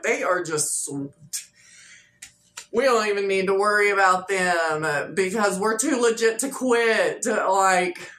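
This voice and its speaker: A woman's voice: on the low side, a bit bright. A woman giving a casual, chatty tarot reading to her viewers, talking loosely with lots of fillers and repeats. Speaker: tarot reader. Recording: echoey room with faint noise.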